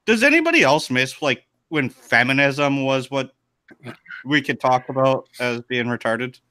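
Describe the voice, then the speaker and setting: Lively, bright-voiced jokey man. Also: mid-range voice, a little slow, no room sound. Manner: incredulous, jokey. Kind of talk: crude casual chat.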